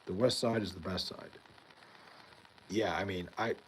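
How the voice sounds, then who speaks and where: A man's voice: low-pitched, steady tone, unhurried, a bit bright, slight background noise, low-quality recording. A young man hosting a livestream, rambling casually, swearing often and answering chat by name. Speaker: livestream host reading chat. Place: home in New York.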